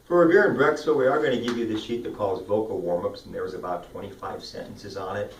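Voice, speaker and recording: A man coaching speech and debate students, upbeat and demonstrative as he walks through vocal warm-up drills. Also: fairly low pitch, quick pace, few pauses, a little hiss or hum. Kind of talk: instructional talk. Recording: roomy sound from a distant mic.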